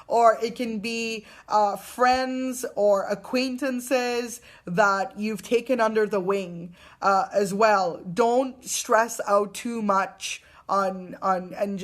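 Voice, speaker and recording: Young adult woman reading oracle cards live, gentle and affirming, often restarting her sentences. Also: on the high side, slow, hardly any pauses. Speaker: spiritual card reader.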